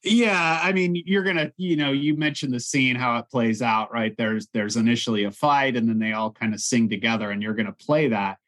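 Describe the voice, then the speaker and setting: A man's voice: mid-range voice, fairly even intonation, brisk, few pauses, a bit bright. A man co-hosting a podcast, chatting enthusiastically about a film and laughing easily. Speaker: podcast co-host. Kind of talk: casual film discussion.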